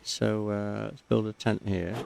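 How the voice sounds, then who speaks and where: A man's voice: on the low side, flat delivery, a little slow, gravelly, a little mellow. A man giving casual, chatty gameplay commentary, talking to himself and cracking jokes as he plays. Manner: chatty, self-talking, jokey.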